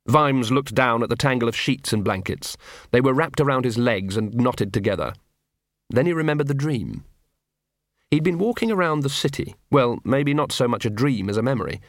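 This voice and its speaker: A man's voice: medium pitch, expressive, moderate pace, no echo. A man narrating a comic fantasy audiobook in a dry storytelling manner. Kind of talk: scripted narration.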